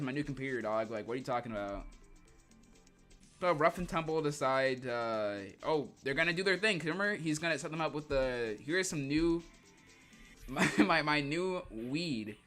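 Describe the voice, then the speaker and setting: Joking young male streamer, bright voice. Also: a little high. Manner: rambling, joking, laughs often. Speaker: streamer reading comics. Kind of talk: casual livestream commentary.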